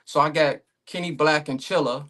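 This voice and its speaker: A man's voice: fairly high pitch, fairly even intonation, moderate pace, a bit bright. A man talking casually as a guest on a remote podcast call, laid-back and rambling, with many fillers and restarts. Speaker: league owner guest.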